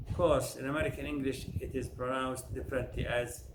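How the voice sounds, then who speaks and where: A man teaching pronunciation, saying each word slowly and clearly, then repeating the whole list. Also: medium pitch, fairly even intonation. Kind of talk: slow drilled word lists. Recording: echoey room with faint noise.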